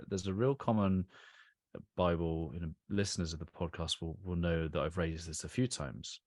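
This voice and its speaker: A man's voice: deep voice, no echo, studio quality. A man hosting a podcast, thinking aloud reflectively with fillers in casual interview chat. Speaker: podcast host.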